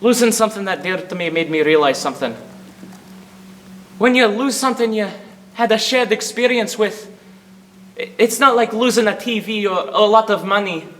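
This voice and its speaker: A man's voice: high voice, moderate pace, pauses often, a bit bright, slight background noise. A young man playing a grumbling, self-pitying Scottish shepherd in a put-on Scottish accent, performing a humorous interpretation piece. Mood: ranting. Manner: ranting, self-pitying, theatrical. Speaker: student competitor.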